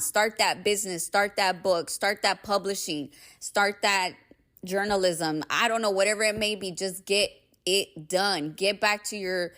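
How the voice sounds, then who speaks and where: A woman's voice: lowish voice, a bit bright. A young adult woman hosting her own podcast, talking in an emphatic, casual motivational monologue full of "like" and swearing. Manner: emphatic, swears freely, heavy use of "like". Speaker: podcast host.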